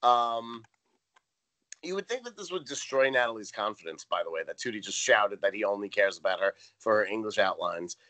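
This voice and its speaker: A man's voice: lowish voice, lively intonation, brisk, pushed and bright. A man co-hosting a podcast, recapping a TV episode in casual chat with dry, wry remarks. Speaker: podcast co-host.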